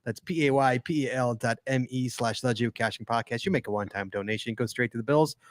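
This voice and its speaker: A podcast host chats casually on a live show, loose, joking and rambling at a quick pace. His pitch is an ordinary middle range, and the recording is dry and close with no sense of room.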